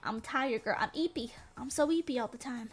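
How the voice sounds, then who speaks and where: A young woman streamer rambles through casual live-stream chat, giggling between sentences and laughing often. Her voice is fairly high with a breathy edge, and she speaks a little fast.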